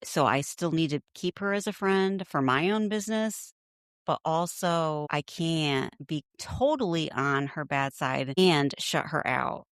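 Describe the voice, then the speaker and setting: Blunt, lower-pitched woman gossiping about TV. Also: unhurried, clear, resonant tone, no room sound, clean studio sound. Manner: blunt, swears freely, laughs often, acts out quotes. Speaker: podcast co-host. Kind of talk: casual reality-TV recap chat.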